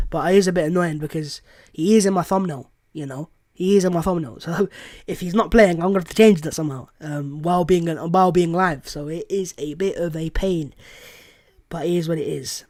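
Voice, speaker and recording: A young man hosting a casual live watchalong stream, reading chat and reacting in an exasperated, emotional way, often repeating himself. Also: high-pitched.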